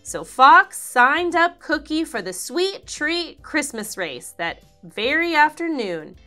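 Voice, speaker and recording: Animated woman reading to kids. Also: high-pitched, slow pace, soft background music. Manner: animated, expressive, sing-song. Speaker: children's storyteller. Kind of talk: read-aloud for kids.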